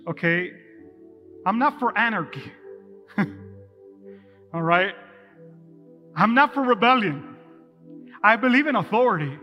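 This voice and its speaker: A male pastor preaching to a live congregation in a church, his voice pitched high and ringing bright. He speaks with energy and turns often to address the people in front of him. Soft music plays faintly behind him. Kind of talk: live sermon.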